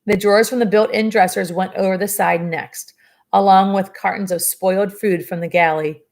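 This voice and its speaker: A woman reads a novel aloud, stopping now and then for chatty asides and dry, sarcastic remarks about the story. Her mid-range voice has a darkish tone and fairly even intonation, and she reads at a normal speed.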